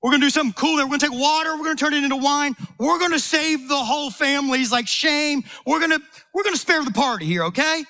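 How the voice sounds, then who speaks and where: A man's voice: very high-pitched, fast talker, hardly any pauses, pushed and bright, pitched above the performer's own voice, heavily acted. A man acting out Jesus as a casual, enthusiastic man laying out his plans in slangy talk. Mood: upbeat.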